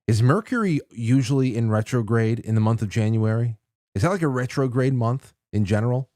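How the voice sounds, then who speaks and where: A man's voice: mid-range voice, brisk, dark tone, no echo, clean studio sound. A man hosting a casual call-in talk show, rambling with frequent restarts and chuckles. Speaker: radio call-in host.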